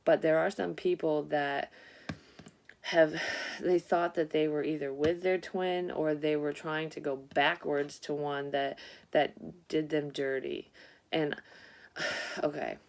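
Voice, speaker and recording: A woman's voice: low-pitched, fairly even intonation, takes it slowly, creaky. A woman psychic reading tarot cards in a casual vlog, talking bluntly and rambling with a lot of swearing.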